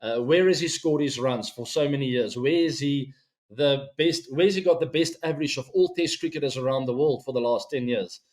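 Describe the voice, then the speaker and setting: A man's voice: mid-range voice, normal speed, a little mellow. A middle-aged man hosting a cricket show, talking casually and directly to his viewers with frequent ums. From South Africa. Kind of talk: casual solo commentary to camera.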